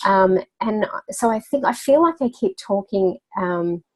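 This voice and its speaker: A woman's voice: mid-range voice, animated, a little slow. A woman guest in a casual interview, talking as a children's wellbeing coach with a chatty storyteller's manner, laughing now and then and using lots of fillers. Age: adult parent.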